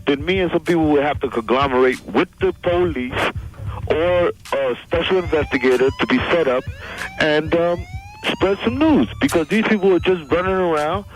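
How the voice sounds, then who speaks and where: Male radio caller, high voice, earnest and opinionated, streetwise talk. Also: expressive, moderate pace, rough recording.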